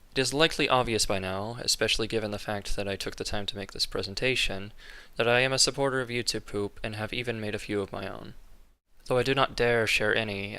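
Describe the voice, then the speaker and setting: A young man reading a scripted class presentation in a flat, monotone way. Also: lowish voice, smooth. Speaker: student presenter. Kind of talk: scripted narration.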